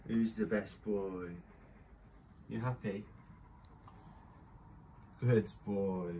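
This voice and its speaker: Slow, mellow-voiced man praising his dog. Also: fairly low pitch, fairly even intonation, a little hiss or hum. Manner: soft, doting praise to his dogs. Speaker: father filming his pets. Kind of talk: casual home video. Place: bedroom at home.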